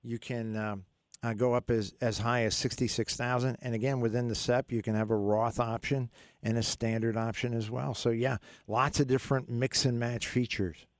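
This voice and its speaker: A man's voice: medium pitch, little pitch movement, normal speed, dry recording, clean studio sound. A middle-aged man hosting a call-in radio show about money, talking in a rambling, joking way with many fillers and restarts. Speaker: radio finance show host. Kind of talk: casual call-in radio talk.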